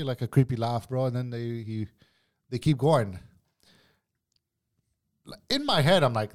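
This cook speaks in a mid-range voice with lively intonation, taking his time and leaving long pauses. As a podcast guest he shares a work story in casual conversation, blunt and foul-mouthed, with "bro" in nearly every line.

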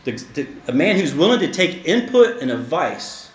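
Lively high-voiced preacher in echoey hall. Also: male voice, normal speed. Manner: animated, joking asides, repeats words. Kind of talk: sermon. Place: church hall.

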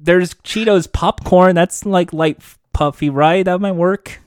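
Halting, rambling man with a dry sound. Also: high-pitched, clean tone, no room sound. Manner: rambling, halting restarts and fillers. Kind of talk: casual podcast chat.

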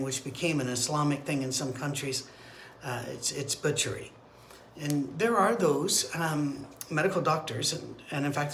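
A man's voice: medium pitch, fairly bright tone, a little hiss or hum. Man teaching Bible study in echoey room. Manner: conversational, digressive, with fillers and restarts. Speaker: pastor leading Bible study. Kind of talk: informal teaching sermon. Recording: roomy echo, faint ambience.

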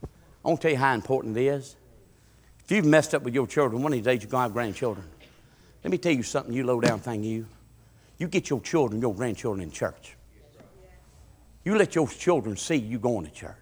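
A male pastor, preaching a sermon as a storyteller whose voice climbs loud and high at the peaks. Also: expressive, brisk, long pauses, husky.

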